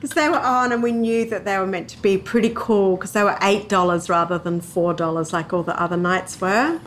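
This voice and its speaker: A woman's voice: medium pitch, brisk. Woman recalling a story, chatty and laughing, slight noise underneath. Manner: laughs often, chatty and animated. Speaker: interviewee telling a memory. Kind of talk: casual storytelling.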